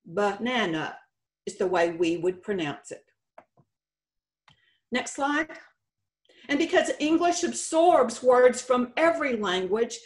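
A woman presents a spelling lesson over her slides, talking slowly and with care. She spells out letters one by one. Her voice sits a little high. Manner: slow, deliberate, spelling out letters. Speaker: state contest director. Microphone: presentation recording.

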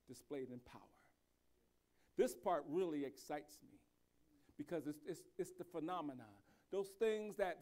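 A male pastor with a fairly high voice preaching a sermon. He drops to soft, reflective stretches, then builds to loud, slow, emphatic declarations, often stumbling and repeating words as he goes. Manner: frequent restarts and repeated words.

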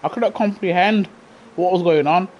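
A man chatting casually on a gaming live stream through a headset, effusive and excitable as he gushes at his viewers. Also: high voice, normal speed, slight background noise. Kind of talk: casual live-stream chat while racing.

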